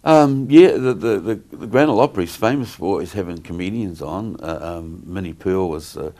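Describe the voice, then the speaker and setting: A middle-aged man talks in a very low voice. He wanders through his stories, stopping and restarting often with plenty of ums. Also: normal speed, mellow. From New Zealand. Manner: rambling, many fillers and restarts. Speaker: guest entertainer. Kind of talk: casual interview chat.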